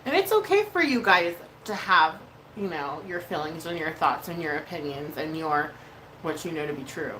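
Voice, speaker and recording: A woman's voice: deep voice, animated, normal speed, a bit bright, a little hiss or hum, poor audio. A woman hosting a casual makeup livestream, chatty and freely swearing as she reads out viewer messages. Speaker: livestream host doing makeup.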